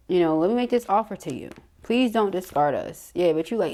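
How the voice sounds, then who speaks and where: A middle-aged woman giving a casual, slangy tarot reading to camera, chatty and quick to laugh. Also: fairly low pitch, animated, mellow. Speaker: tarot reader.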